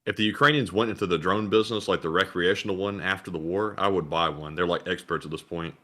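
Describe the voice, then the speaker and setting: A man's voice: deep voice, steady tone, fast talker, bright, forceful tone. A man chiming in as co-host with short, dry remarks during a casual chat.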